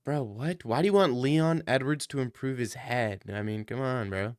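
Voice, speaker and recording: A man's voice: medium pitch, moderate pace, hardly any pauses, clean tone, no room sound. Joking male streamer, dry room. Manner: joking, mock-ranting. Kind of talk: casual chat answering viewer questions.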